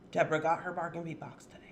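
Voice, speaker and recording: A woman's voice: sits low, little pitch movement, brisk, background noise. A woman hosting a casual jewelry-making livestream from her home craft space, chatty and playful, laughing often. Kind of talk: casual chat.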